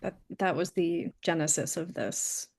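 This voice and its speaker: Woman w/ a gravelly lowish voice, stops and restarts a lot in a committee meeting. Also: unhurried, a little mellow. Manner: hesitant, many restarts. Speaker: committee member. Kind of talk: casual meeting talk.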